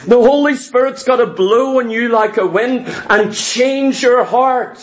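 A man with a very high voice delivers a sermon to his congregation. He talks in a lively, conversational way, circling back with repeated phrases and quick asides before he presses each point home. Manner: animated, conversational preaching with repetitions and asides. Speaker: preacher.

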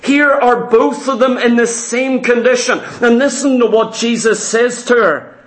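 A man's voice: very high-pitched, unhurried, echoey room. A man preaching a fervent sermon in a church, firing rhetorical questions at the congregation.

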